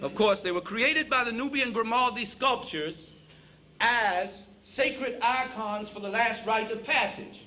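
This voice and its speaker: A man with a very high-pitched, bright, pushed voice delivers a preacher-style lecture a little slowly, calling his audience brothers and sisters. He is emphatic and repeats phrases for emphasis. He stands away from the mic in a roomy hall, with faint hiss in the background.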